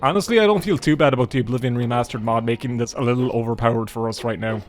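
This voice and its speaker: A man's voice: medium pitch, very fast, soft background music. Rambling Irish man gaming. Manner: rambling, chatty, swears casually. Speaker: gaming YouTuber. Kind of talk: casual let's-play commentary.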